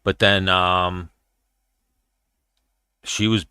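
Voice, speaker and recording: A man's voice: deep voice, level tone, very slow, bright, forceful tone, clear, resonant tone, no echo. A man hosting a casual livestream chat while watching fights, blunt, profane and rambling. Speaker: podcast host.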